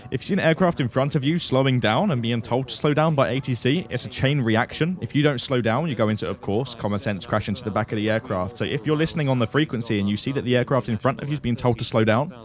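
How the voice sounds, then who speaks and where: A man's voice: medium pitch, fast talker, hardly any pauses. A man hosting a flight simulator livestream, chatting casually, answering viewers and laughing often.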